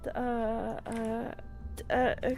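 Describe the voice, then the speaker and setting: A giggly woman chatting as a guest on a stream, rambling happily about her game. She talks unhurriedly in a slightly high voice, with faint music under her. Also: little pitch movement, slow, a little mellow. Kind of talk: casual gaming stream chat.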